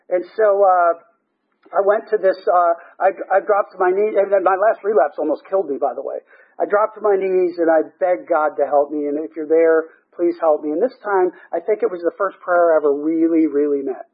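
A man's voice: sits high, a little fast. A man sharing his personal recovery story at a meeting, talking conversationally with self-deprecating humor. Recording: tinny phone-like sound.

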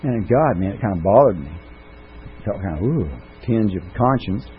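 A man's voice: on the low side, expressive, moderate pace. A middle-aged man giving a recovery meeting testimony, telling his story with folksy, self-mocking humor. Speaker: recovery speaker. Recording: tinny phone-like recording with faint noise.

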